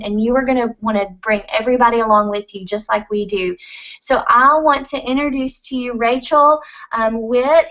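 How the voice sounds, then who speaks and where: A woman's voice: fairly high pitch, fairly bright tone, lo-fi sound. An earnest, emphatic woman speaking on stage at a conference as a motivational speaker.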